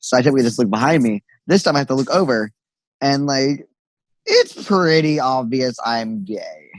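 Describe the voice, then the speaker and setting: A man's voice: mid-range voice, normal speed, no echo, low-quality recording. Sassy, swearing young man telling stories. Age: young adult. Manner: animated storyteller, sassy quoted asides, swears freely. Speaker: podcast co-host. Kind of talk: casual chat.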